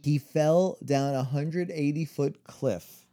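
A man's voice: on the high side, slow, dark tone. A man co-hosting a podcast, telling a story in casual chat, rambling with lots of fillers and restarts. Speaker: podcast co-host.

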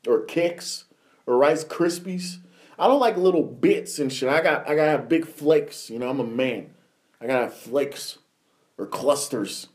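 Un hombre joven en una charla informal de podcast, que divaga con muchas palabrotas y se ríe mientras cuenta anécdotas. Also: male voice, medium pitch, darkish tone. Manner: profane, rambling storytelling with frequent laughter. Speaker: podcast host. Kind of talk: casual chat.

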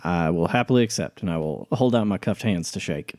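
Low-voiced man playing his character. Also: brisk, a little mellow. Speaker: player. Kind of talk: in-character tabletop play.

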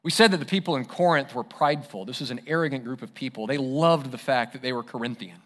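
A man's voice: medium pitch, fast. A man preaching a sermon as pastor, conversational and emphatic. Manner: conversational, emphatic, self-deprecating.

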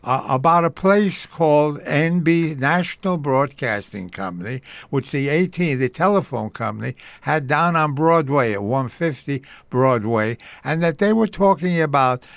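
An older man with a gravelly voice tells long stories in an interview. He acts out the people he quotes, and his voice rises and falls with the telling. The recording is close and dry. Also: a little high, unhurried, hardly any pauses, no room sound. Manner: animated storyteller acting out quoted voices. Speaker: interviewee recalling a radio career. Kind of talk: storytelling interview.

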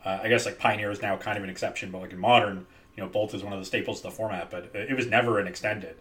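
A man's voice: on the low side, fairly even intonation, racing, fairly bright tone. A man chatting casually, matter-of-fact and knowledgeable. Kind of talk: casual chat about card games.

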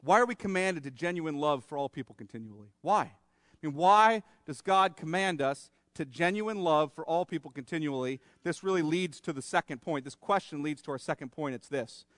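A man's voice: a little high, expressive, fairly quick, a bit bright, no echo, clean studio sound, in a large hall. A man preaching a sermon as pastor, emphatic, asking rhetorical questions and acting out little scenes. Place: church sanctuary.

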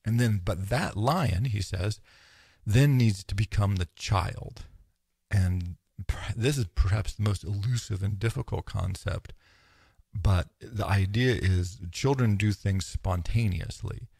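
A man with a gravelly, husky voice, pitched a little low, lecturing on philosophy. He muses aloud, restarts his sentences and slips into quoted asides. The sound is dry and close. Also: slow pace, a little mellow, no room sound. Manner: thoughtful, musing, with frequent restarts and quoted asides. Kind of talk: informal lecture.

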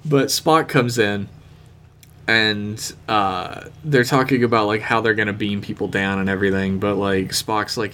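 A man's voice: lowish voice, fairly even intonation, a little slow, pushed and bright. Guy doing a jokey episode recap on a podcast, laughs a lot. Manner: jokey, laughs often, acts out quotes. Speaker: podcast co-host. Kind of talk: casual chat recapping a TV episode.

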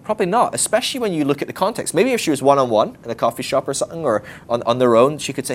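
A man teaching a conversational, animated sermon with casual slang. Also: medium pitch, racing, slight background noise. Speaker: preacher.

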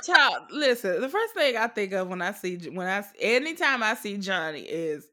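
A woman's voice: medium pitch, very animated, moderate pace, very noisy. A woman co-hosting a podcast in casual chat, retelling stories dramatically with sudden squeals. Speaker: podcast co-host.

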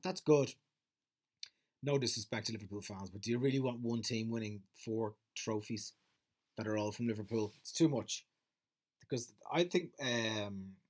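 A man's voice: lowish voice, a little mellow. A man talking through a casual monologue as a podcast host, rambling and swearing freely, with plenty of fillers and restarts.

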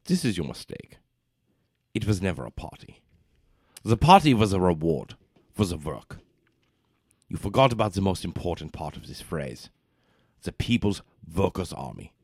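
A man's voice: sits low, very animated, normal speed, long pauses, darkish tone, husky, no room sound, clean studio sound. A man playing a tabletop role-play character, delivering grandiose, lecturing revolutionary speeches. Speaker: player.

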